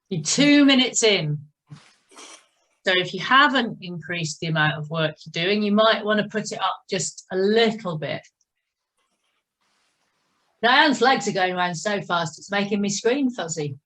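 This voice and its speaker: A woman's voice: mid-range voice, expressive, a little slow, pauses often, a bit bright, rough recording. A woman leading an online indoor cycling class over a video call, calling out time counts between chatty asides. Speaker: cycling instructor. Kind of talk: coaching an online exercise class.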